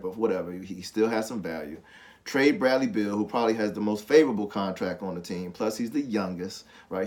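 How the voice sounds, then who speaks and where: A man co-hosting a casual sports talk show, frustrated and emphatic, often repeating his points. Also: fairly low pitch. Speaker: podcast co-host.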